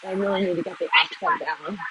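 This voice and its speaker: A woman's voice: mid-range voice, fairly even intonation, quick pace, pushed and bright, a little hiss or hum, poor audio. An American woman vlogging casually while walking city streets, rambling and self-deprecating, recorded on a phone. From United States.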